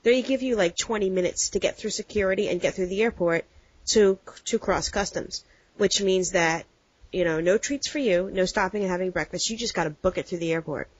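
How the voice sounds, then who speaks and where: An American woman chatting on a podcast, wandering through long anecdotes and slipping into the voices of people in her stories. Her voice sits at a middle pitch. The recording is dull and lo-fi, with a dry, close sound. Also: brisk, no echo. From United States. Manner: rambling storyteller, acts out quotes. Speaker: podcast co-host. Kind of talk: casual chat.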